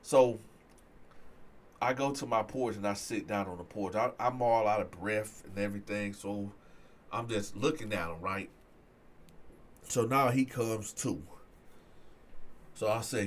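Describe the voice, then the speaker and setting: Storyteller, male, mid-pitched, casual and animated, does the voices. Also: moderate pace. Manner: animated, acts out other people's voices in quotes.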